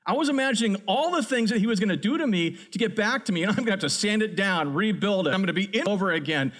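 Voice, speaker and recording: Middle-aged preacher guy with a high voice, animated, tells stories that build up big. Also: fast, few pauses. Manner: animated storyteller, builds to excited peaks. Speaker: pastor. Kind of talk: sermon with a personal story.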